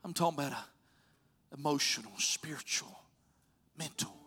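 A man preaching a sermon as pastor, telling stories and swinging from loud urging to soft near-whispers. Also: on the high side, expressive, unhurried, slightly rough.

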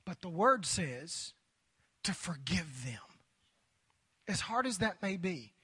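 A man's voice: high-pitched, very animated, slow pace, pushed and bright, husky. A man preaching a sermon to a large congregation, prompting the crowd to respond, his voice tiring from preaching. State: voice tiring, near hoarse. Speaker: pastor. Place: church sanctuary before a large crowd.

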